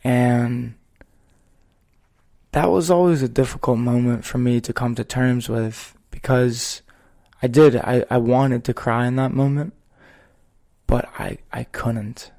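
A man talks slowly and earnestly as a podcast host, his voice carrying a gravelly fry. He takes his time and weighs each phrase, with a voice neither high nor low. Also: warm tone. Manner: slow, measured, earnest storytelling. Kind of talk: reflective podcast conversation.

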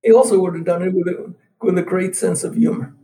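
A man, a guest author, telling anecdotes in an interview and acting out the quotes as an animated storyteller. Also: high-pitched, brisk, distant mic.

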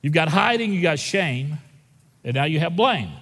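A man preaching a sermon in an animated, conversational way, slowing down dramatically and joking with the congregation. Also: fairly high pitch, in a large hall. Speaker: pastor.

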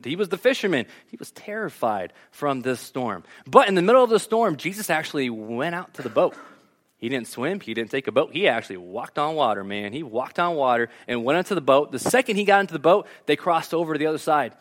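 A man preaching a casual, joking sermon, retelling scripture as a lively story. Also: a little high. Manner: animated storytelling with jokes.

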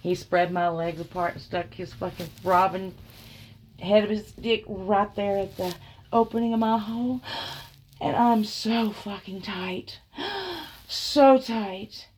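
A woman narrating an explicit erotic story in a slow, breathy, sultry way. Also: medium pitch, level tone, darkish tone, slight background noise.

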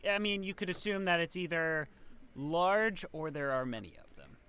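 A man's voice: a little high, animated, moderate pace, pushed and bright, clean tone, no echo. A man narrating as game master in a tabletop game, describing scenes loosely with many fillers.

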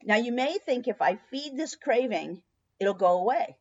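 Expressive woman telling a story, lo-fi sound. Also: fairly high pitch, moderate pace. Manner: storytelling with expressive voiced asides. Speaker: diet workshop host. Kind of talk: motivational talk. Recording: dull lo-fi recording.

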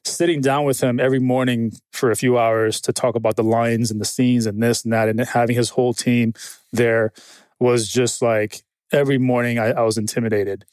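A man's voice: mid-range voice, moderate pace, smooth, dry recording. A man from Afghanistan, a former Green Beret, telling stories casually as a podcast guest, swearing freely and acting out what people said. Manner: animated, swears freely, acts out quoted dialogue. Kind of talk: casual conversational storytelling.

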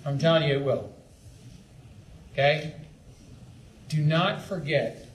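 High-voiced man pleading with camp leaders. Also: slow pace, pauses often. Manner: earnest, pleading, with acted-out asides. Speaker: youth ministry leader. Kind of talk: training talk to camp leaders. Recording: echoey room with faint background noise.

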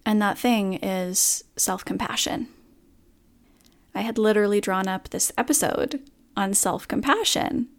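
A woman's voice: mid-range voice, unhurried. A woman hosting her own podcast, talking candidly and earnestly about a hard morning in a reflective monologue. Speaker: podcast host.

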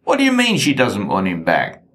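A man voicing an excitable, whiny small-time English crook. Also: medium pitch, moderate pace, pitched above the performer's own voice. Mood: indignant.

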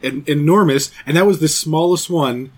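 A man's voice: on the high side, moderate pace, darkish tone. A man in his forties from Canada, hosting a podcast in casual, rambling, jokey chat with some swearing. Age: 40s. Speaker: podcast host.

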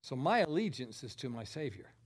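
A man preaching a sermon, chatting with the congregation in asides and building to emphatic, forceful passages. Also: mid-range voice, big pitch swings, a little fast, slightly rough.

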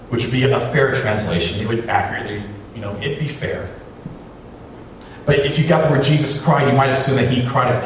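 A pastor preaches in a conversational way, asking his listeners questions. His mid-pitched voice reaches the mic from a distance and rings through a very echoey hall, with faint ambience behind it. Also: a little fast, slight background noise. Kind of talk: sermon.

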